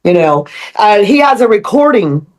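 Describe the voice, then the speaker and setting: An older woman, a karate instructor on a podcast, telling stories in a lively, laughing way. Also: medium pitch, moderate pace. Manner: animated storyteller, laughs often. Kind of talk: casual chat.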